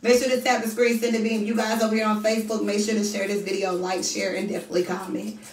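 A woman's voice: medium pitch, flat delivery, quick pace, darkish tone, distant mic. Chatty woman livestreaming from an echoey room. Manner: chatty, talks straight to viewers and reads comments aloud. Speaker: livestream host. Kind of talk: casual livestream chat.

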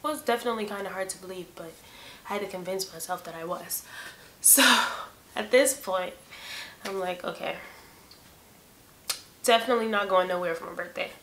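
A woman in her twenties telling a personal story in a casual storytime vlog, acting out texts and replies with lively emphasis. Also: medium pitch, fairly quick, roomy sound, a little hiss or hum. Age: 20s. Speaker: vlogger. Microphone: camera mic.

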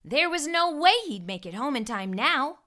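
A woman hosts a children's storytime and reads a picture book aloud with expressive narration. Her voice is bright and fairly high, and it moves up and down in a lively way. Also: moderate pace. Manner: warm expressive read-aloud. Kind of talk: read-aloud storytelling for kids.

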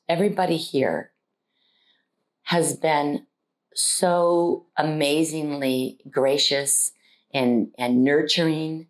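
A woman in her sixties with a very deep, gravelly voice. She gives an earnest, heartfelt patient testimonial and pauses often as she searches for words. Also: rough recording. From United States. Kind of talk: personal testimonial.

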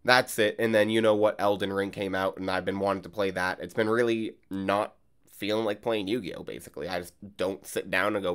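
A man's voice: sits low, little pitch movement, a little fast, a bit bright, clean tone. A man hosting a card game channel, chatting casually and rambling with lots of fillers. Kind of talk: casual gameplay vlog and commentary. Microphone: desk mic while recording gameplay.

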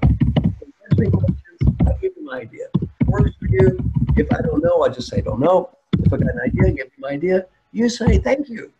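A man's voice: high-pitched, dark tone, a little hiss or hum. An older man speaking as a coach in a webinar, telling stories in a plain, repetitive way. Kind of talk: webinar talk. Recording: dull webinar audio.

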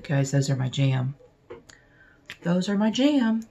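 A woman unboxing beauty products at home, chatting casually and gushing with excitement, now and then dropping to a soft whisper. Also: on the low side, slow pace, vocal fry, dull audio, slight background noise. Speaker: beauty vlogger unboxing mail.

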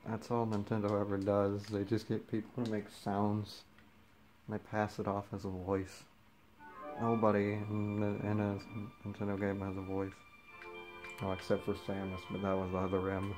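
Low, flat-voiced man joking through gameplay. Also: moderate pace, poor audio. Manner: goofy, jokey, talks to the game characters. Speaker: gameplay commentator. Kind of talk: casual let's-play commentary. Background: game music.

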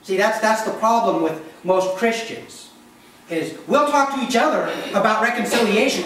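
A man's voice: sits high, very animated, brisk, a bit bright. Conversational male pastor in echoey church. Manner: conversational, asks the congregation questions. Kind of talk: sermon. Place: church sanctuary. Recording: echoey church hall, mic from a distance.

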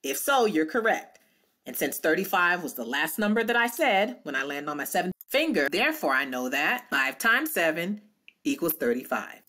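Lively low-voiced woman teacher, sing-song. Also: normal speed. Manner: sing-song counting, encouraging. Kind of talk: children's math lesson video.

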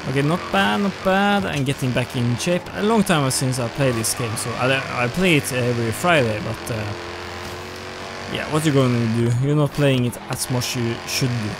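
Halting man commenting on a race game. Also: mid-range voice, noisy background. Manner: rambling, halting, with frequent restarts and self-talk. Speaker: gaming channel host. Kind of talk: casual racing game commentary. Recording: game music playing over the voice.

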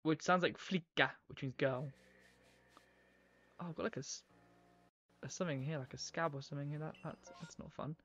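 A man's voice: on the high side, fairly even intonation, normal speed, long pauses, a bit bright, muffled recording. Chatty gamer man on a live stream. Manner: rambling, chatty, talks to viewers while playing. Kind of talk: casual live-stream gameplay chat.

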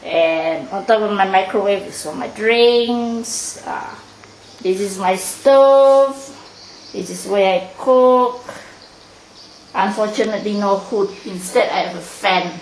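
A woman's voice: medium pitch, slow pace, slight background noise. A woman with a Malaysian English accent giving a casual tour of her small apartment, chatty and laughing at herself, recorded on a handheld camera. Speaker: vlogger giving a home tour. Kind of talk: casual home video tour. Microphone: handheld camera mic. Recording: echoey room on camera mic.

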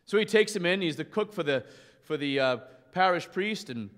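A priest preaching with passion and telling a dramatic story, acting out its voices. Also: male voice, high voice, animated, moderate pace. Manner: impassioned storyteller who acts out the shouting in his story. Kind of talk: preaching a rally speech with a story. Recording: long hall reverb.

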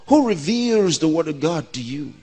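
A man's voice: on the high side, very animated, moderate pace, dark tone, breathy edge, faint music behind. A man in his sixties, a pastor, preaching a sermon by asking questions and answering them himself. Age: 60s. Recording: long reverb of a large hall.

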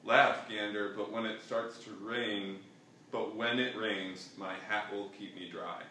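A man voicing a shy, stubborn little male hedgehog in a flat, halting storybook reading, in an echoey room far from the mic. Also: lowish voice, slight background noise.

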